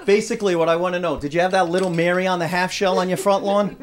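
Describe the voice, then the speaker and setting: Man doing brash club stand-up, high voice, noisy live room with laughs behind him. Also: steady tone, fast. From Rhode Island, USA. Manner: brash, punchy, working the crowd. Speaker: stand-up comedian. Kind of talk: stand-up routine. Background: crowd laughter, noise.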